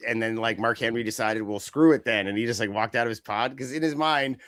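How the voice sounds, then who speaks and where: A man's voice: medium pitch, steady tone, sharp tone, no room sound, clean studio sound. Rambling, jokey male podcast co-host. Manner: rambling, jokey, does quick silly voices. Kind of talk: casual wrestling chat.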